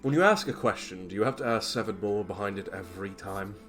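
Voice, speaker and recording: Guy doing a stern busy sea captain dad, gruff and clipped, deep and low-key. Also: fast talker, music in the background, natural voice. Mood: impatient. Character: stern busy middle-aged male ship captain.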